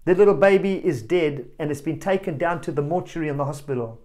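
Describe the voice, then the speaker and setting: A male preacher giving a family sermon, telling a story with animated energy and calling out directly to children and parents. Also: on the high side, fast. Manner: animated storyteller, rising to loud exclamations.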